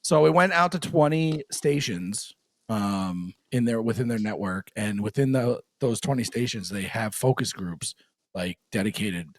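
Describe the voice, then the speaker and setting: A man's voice: lowish voice, animated, a little slow, dry recording. A man co-hosting a podcast in casual chat, explaining things in a rambling way full of fillers. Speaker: podcast co-host.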